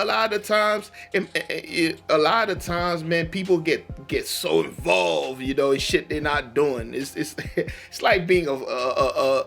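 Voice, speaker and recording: Slangy, bright-voiced man riffing loosely. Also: on the high side, vocal fry. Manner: loose, rambling, slangy, with frequent restarts. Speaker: reaction video host. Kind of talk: casual commentary.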